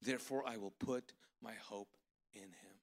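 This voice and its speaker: A man preaching a live sermon as pastor, telling stories in an animated way with sudden loud outbursts of excitement. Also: on the low side, moderate pace. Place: large church auditorium. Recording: long hall reverb from live church service.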